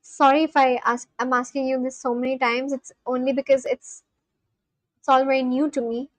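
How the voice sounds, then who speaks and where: A young woman hosting a livestream, chatting casually with viewers, laughing often and correcting herself with quick apologies. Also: sits high, flat delivery, no echo. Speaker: livestream host. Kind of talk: casual chat reading live chat aloud.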